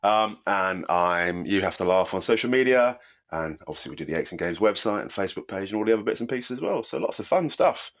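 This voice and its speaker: A man's voice: lowish voice, lively intonation, fairly quick. A British man in his forties, co-hosting a casual podcast chat while bunged up with a cold, chatty and self-deprecating. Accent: British English. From Britain. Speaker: podcast co-host.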